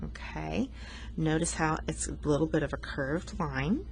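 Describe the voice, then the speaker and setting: A woman's voice: sits low, measured pace, vocal fry, slight background noise. A woman art teacher talking students through a coloring lesson, patient and explanatory, teasing herself now and then.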